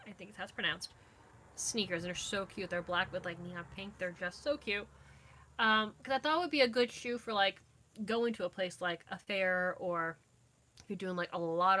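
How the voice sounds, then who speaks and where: A woman's voice: medium pitch, bright, forceful tone. A young woman chatting casually with viewers from her home, rambling and losing her train of thought, recorded on a phone camera. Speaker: vlogger. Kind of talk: casual live chat with viewers. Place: inside a dim home.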